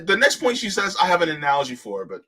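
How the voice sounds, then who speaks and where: A man's voice: a little high, wildly swooping pitch, quick pace, sharp tone, a little hiss or hum. A man hosting a political livestream, arguing fiercely, firing off rhetorical questions and swearing now and then. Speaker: host.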